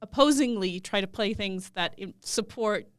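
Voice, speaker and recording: A woman at a tabletop game who thinks aloud while she plans her moves. Her voice is smooth and clear, and the sound is dry and close. She keeps a relaxed, chatty tone. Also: mid-range voice, moderate pace, no echo. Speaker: player. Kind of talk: casual tabletop game play.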